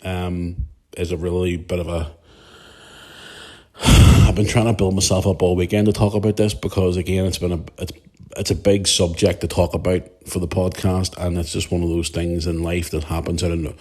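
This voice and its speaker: A man talks alone into his podcast mic. His voice sits very low and sounds husky and rough. He rambles and gets emotional, and he swears freely. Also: level tone, brisk, darkish tone. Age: 40s. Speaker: podcast host. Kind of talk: casual monologue.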